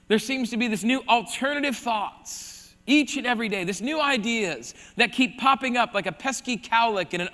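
A man from South Dakota preaching a lively sermon, his high voice ringing bright and sharp. He drops to a hush to press a point, then surges loud again. A long hall reverb trails each phrase. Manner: animated preaching, swinging from hushed emphasis to loud bursts. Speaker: pastor. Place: church hall.

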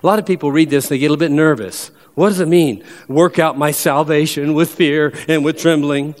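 A man preaching a sermon as pastor, emphatic, and slowing down whenever he reads a verse aloud. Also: on the high side, darkish tone, in a large hall. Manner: emphatic preacher who slows down to read verses.

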